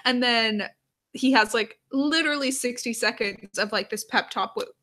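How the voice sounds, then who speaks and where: A woman hosting a live aftershow, chatting casually and reading viewer comments aloud, with lots of "like" fillers and quiet murmured asides. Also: fairly high pitch, normal speed. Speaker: aftershow host.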